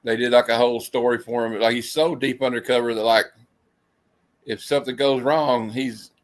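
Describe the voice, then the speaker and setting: A man's voice: mid-range voice, flat delivery, moderate pace. A man hosting a casual movie review chat from home over a video call, rambling with lots of fillers. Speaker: host. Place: home room with lights.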